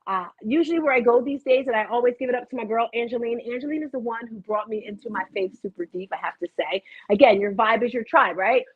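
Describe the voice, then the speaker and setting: Chatty husky woman, tinny webcam sound. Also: fairly high pitch, dry recording. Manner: chatty, goes off on tangents, animated storytelling. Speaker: motivational host. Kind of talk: rambling live motivational talk. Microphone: computer webcam. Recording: tinny phone-like dry audio.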